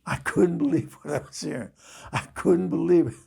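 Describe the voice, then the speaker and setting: A man recounting a story in a loose, conversational way, chuckling now and then and stopping on fillers. His voice is heavily gravelly and husky, sitting a bit high for a man. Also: brisk, mellow. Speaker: storyteller host. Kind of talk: casual spoken storytelling.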